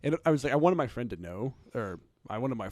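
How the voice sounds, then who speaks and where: A man in casual podcast chat, telling stories in an animated, giggly way with lots of filler words. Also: mid-range voice, fast, no echo, studio quality.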